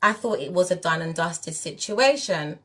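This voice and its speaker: A woman's voice: on the low side, expressive, moderate pace, bright, forceful tone. A woman from England, a spiritual teacher talking candidly and emphatically straight to her viewers. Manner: direct, emphatic, addresses viewers as "you lot". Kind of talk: candid monologue to camera.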